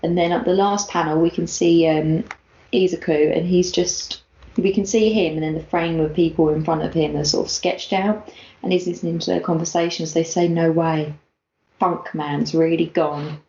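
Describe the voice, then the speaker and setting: A woman, co-hosting a podcast, chatting casually with giggles and animated quotes. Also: fairly low pitch, moderate pace. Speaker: podcast co-host. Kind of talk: casual chat recapping a manga chapter. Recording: lo-fi, echoey room.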